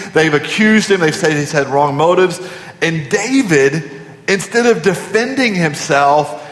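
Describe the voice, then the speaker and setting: A man's voice: fairly high pitch, a bit bright. A man preaching a sermon as pastor in a large church auditorium, with repeated phrases and rhetorical questions. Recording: echoey hall from a distance.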